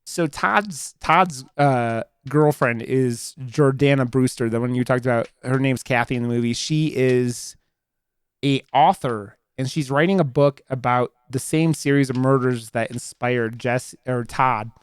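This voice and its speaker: Smooth-voiced man rambling through a movie review. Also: mid-range voice, unhurried, no echo, clean studio sound. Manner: rambling, full of fillers and restarts. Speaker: podcast co-host. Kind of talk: casual movie review chat.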